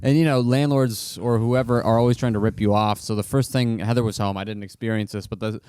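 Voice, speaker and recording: A man co-hosting a podcast, chatting casually in a laid-back way and dropping quick jokes. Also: fairly low pitch, steady tone, darkish tone, smooth, dry recording, studio quality. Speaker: podcast co-host. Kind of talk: casual conversation.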